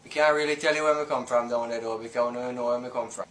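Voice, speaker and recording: A man's voice: medium pitch, steady tone, quick pace, a bit bright, reverberant, slight background noise. A man with a Jamaican accent chatting in patois, teasing a little.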